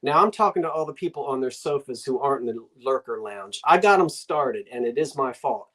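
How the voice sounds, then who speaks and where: A woman's voice: a bass voice, expressive, brisk. An older woman with a New Jersey accent, hosting a live online antiques sale in a chatty, rambling way, talking to herself and her viewers as she goes.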